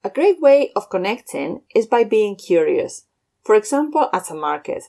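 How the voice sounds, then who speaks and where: A woman teaching beginner phrases in a scripted lesson, slowing down to model each phrase clearly. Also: mid-range voice, sing-song, dark tone. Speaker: language teacher.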